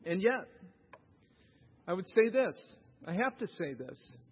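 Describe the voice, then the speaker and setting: Very animated yet slow, a high-pitched pastor with a breathy edge preaches in a sanctuary. His manner is conversational, with questions aimed at the congregation, and the church recording is dull and reverberant.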